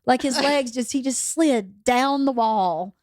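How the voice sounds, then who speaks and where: Podcast host, woman, slightly high voice, dry close sound, animated casual storyteller. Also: takes it slowly, no room sound. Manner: animated storyteller, laughs through the telling.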